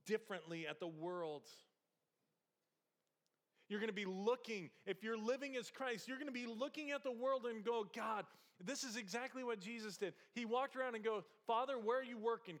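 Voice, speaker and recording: A male pastor preaching a sermon, moving from soft conversational storytelling with humor to raised, passionate exhortation. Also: sits high.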